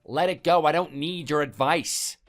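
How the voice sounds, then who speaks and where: A man's voice: on the high side, normal speed, a bit bright, soft background music, lightly acted. A synthetic male voice reading a hot-tempered, threatening husband in a text-message story, defensive and contemptuous. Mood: scornful.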